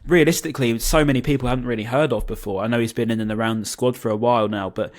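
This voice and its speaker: Give me an enthusiastic man chatting about football on a call, voice neither high nor low. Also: steady tone, racing. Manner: chatty, enthusiastic, many restarts and fillers. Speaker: podcast co-host. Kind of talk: casual football chat. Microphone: video call.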